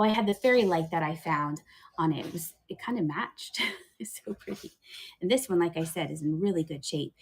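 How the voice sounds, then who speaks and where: A woman's voice: mid-range voice, breathy edge. A woman hosting a live online auction of thrift finds, chatting and laughing with viewers as she sells. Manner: chatty, giggly, thinks aloud while selling. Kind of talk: live-stream selling chat.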